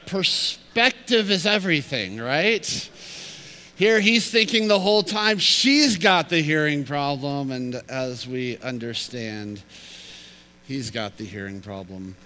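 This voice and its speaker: Brief: male pastor, fairly high bright voice, emphatic storytelling sermon. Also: expressive, slow, rough recording. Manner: storytelling, emphatic with repeated phrases.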